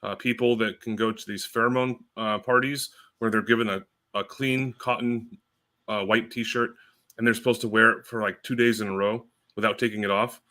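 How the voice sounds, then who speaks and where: A man's voice: fairly low pitch, steady tone, moderate pace, bright, forceful tone. A man talking as a guest in a casual podcast chat, rambling with many fillers and turning blunt.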